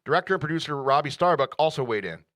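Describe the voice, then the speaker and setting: A man's voice: fairly high pitch, lively intonation, quick pace, fairly bright tone, no room sound, studio quality. A man hosting a radio show, ranting through the news with sarcastic, mocking asides and frequent laughter.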